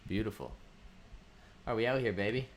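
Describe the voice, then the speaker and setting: A man with a fairly low voice hosts a relaxed live stream from home and calls out viewers by name. He rambles along with frequent ums and restarts. A faint hum sits under his desk mic. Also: normal speed. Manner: chatty, greets viewers by name, thinks aloud with ums. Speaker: livestream host. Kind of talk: casual livestream chat.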